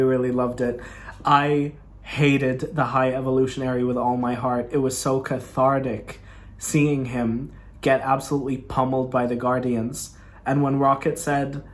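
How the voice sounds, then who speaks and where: A young man gushing in a casual video review of a film he loved, talking enthusiastically and repeating himself. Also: medium pitch. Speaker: movie reviewer.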